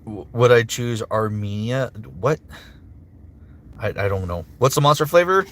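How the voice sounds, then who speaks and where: A man's voice: medium pitch, expressive, fairly bright tone. A man who works as a voice actor, chatting casually on a livestream and answering viewer comments with upbeat energy. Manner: chatty and upbeat, with frequent fillers and quick impressions. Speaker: voice actor streamer.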